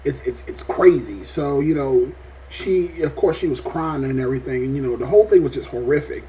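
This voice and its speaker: A man reviewing a TV episode in a casual vlog, talking in an animated, rambling way and swearing often. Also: mid-range voice, fairly quick, slight background noise. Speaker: TV show reviewer.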